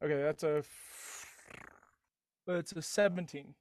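A man's voice: a little high, a little slow, a little mellow. A man playing a tabletop game, hesitant and full of restarts and laughs. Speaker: player. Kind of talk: casual tabletop play.

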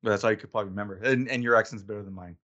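A man hosting a whiskey podcast in casual chat, laid-back and quick to laugh. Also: lowish voice, steady tone, pushed and bright, muffled recording. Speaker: podcast host.

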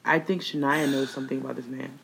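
A woman's voice: very deep voice, steady tone, quick pace, creaky, slight background noise, low-quality recording. A young woman co-hosting a casual gossip chat, blunt and profane, laughing often.

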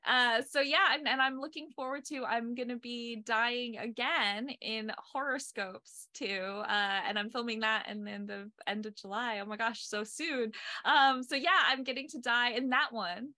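A woman's voice: a little high, fairly even intonation, moderate pace, bright, forceful tone, no echo, studio quality. A young woman from North Carolina co-hosting a podcast, chatting casually and laughing often. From North Carolina, USA. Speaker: podcast co-host and horror actress. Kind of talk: casual chat.

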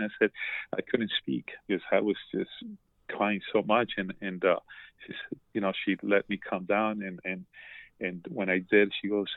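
A man's voice: on the low side, level tone, moderate pace, dry recording. A man talking as a podcast guest, telling a heartfelt story with emotion, repeating words and restarting often. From Colombia. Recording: dry, tinny phone-like line.

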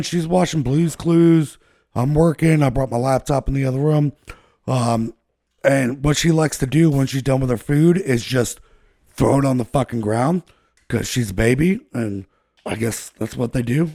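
A man's voice: mid-range voice, mellow, dry recording, studio quality. A man casually telling a long, profane story to friends, rambling and laughing at himself. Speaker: podcast co-host telling a story.

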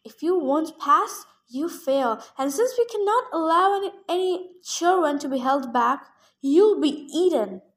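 Fussy female sphinx monster, put on by a woman reader, high-pitched, prim, easily offended. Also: expressive. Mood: coldly menacing. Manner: prim, snippy, quick to take offense.

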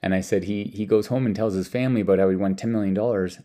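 This Canadian man speaks fast in a fairly low, steady, dark-toned voice. He rambles through casual stories about lessons with his young son, often repeating words and starting over.

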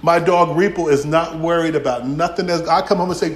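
A man preaching a sermon, telling lively stories and acting out dialogue. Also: a little high, fairly quick, few pauses, reverberant, a little hiss or hum.

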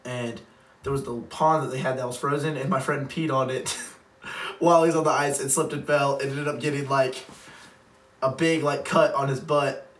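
A man's voice: mid-range voice, fairly even intonation, normal speed, fairly bright tone. Rambling young man, distant roomy sound. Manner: rambling, laughs often, heavy use of "like". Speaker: podcast co-host. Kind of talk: casual storytelling chat. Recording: roomy, distant mic, faint background noise.

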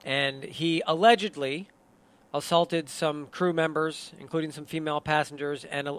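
A male radio co-host with a somewhat high voice, talking casually. He hedges his claims and repeats words while he gathers his thoughts. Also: steady tone, normal speed, fairly bright tone. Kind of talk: casual sports radio talk.

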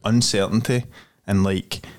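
A man's voice: on the low side, steady tone, measured pace. A Scottish man co-hosting a podcast, chatting casually in slangy, joking banter. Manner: slangy, joking banter, says mate a lot. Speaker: podcast co-host. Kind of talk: casual chat.

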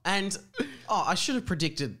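A podcast co-host with a lively, bouncing pitch, chatting casually and reading a story aloud. The delivery is giggly, with lines read out and then riffed on. The pitch sits in a middle register. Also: normal speed.

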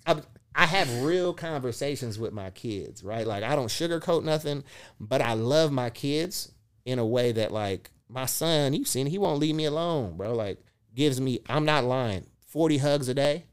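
Animated middle-aged man telling stories. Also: medium pitch, moderate pace, clear, resonant tone. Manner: animated storyteller who acts out dialogue, swears freely. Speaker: motivational speaker guest. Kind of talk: casual podcast chat.

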